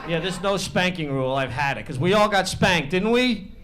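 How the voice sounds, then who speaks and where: A man doing a stand-up comedy set on stage, brash and foul-mouthed, shouting his punchlines. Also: sits high, animated, moderate pace, crowd noise, noisy background.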